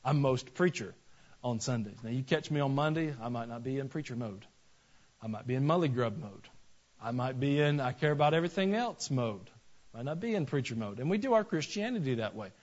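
A man's voice: medium pitch, lively intonation, brisk, highs cut off. A male pastor preaching a sermon in a folksy, conversational way that builds into emphatic passages.

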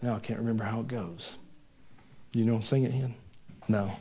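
A man's voice: fairly even intonation, moderate pace, dark tone, slight background noise. A young adult man preaching a sermon, joking with the congregation and raising his voice to stress points. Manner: conversational, jokes and laughs with the congregation; rises in pitch and volume when stressing a point. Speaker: pastor.

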